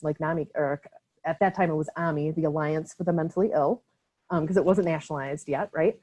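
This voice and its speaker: A young Wisconsin woman with an Upper Midwest accent gives a relaxed training talk, full of fillers and tag questions. Her voice sits a little low and sounds warm and mellow. The video-call audio is slightly muffled and lo-fi. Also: a little fast. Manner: casual, filler-heavy, often tags "right?". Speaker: presenter for a mental health nonprofit. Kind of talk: online training presentation.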